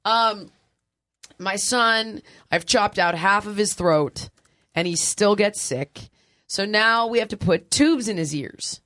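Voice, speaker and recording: A woman's voice: mid-range voice, slow, dry recording, clean studio sound. A woman in her forties, a podcast host, telling a crude, funny family story in casual chat, laughing often. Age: 40s. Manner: animated, laughing, crude humor.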